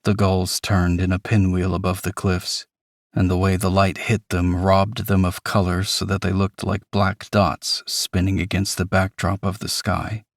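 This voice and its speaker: A man narrating an audiobook in first person, with reflective, measured storytelling, on a close mic in a recording booth. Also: deep voice, level tone, no room sound.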